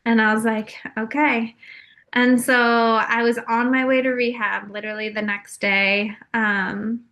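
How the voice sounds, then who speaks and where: Bright-voiced young woman, candid storytelling. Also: a little high, little pitch movement, a little slow. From California. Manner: open and confessional, frequent fillers. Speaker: podcast guest.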